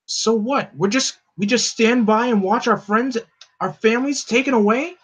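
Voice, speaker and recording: A man voicing an angry, grieving young male hero in a comic read-aloud, with high, strained outbursts. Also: moderate pace, fairly bright tone, husky, heavily acted. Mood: furious.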